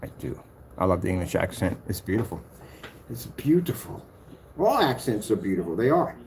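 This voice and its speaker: In this screen-recording vlog, a man who makes projector screen paint rambles and brags while scrolling his demos, filling gaps with humming and calling out rivals. He speaks quickly and animatedly in a low, gravelly voice, with a little hiss or hum in the recording.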